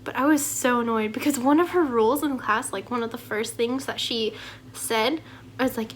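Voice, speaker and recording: A young woman recounts an awkward class moment in a loose, chatty way, peppering her talk with fillers and sighs. Her voice sits a little high. A faint ambient hum stays under the recording. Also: normal speed. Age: young adult. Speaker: vlogger. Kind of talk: casual storytelling rant.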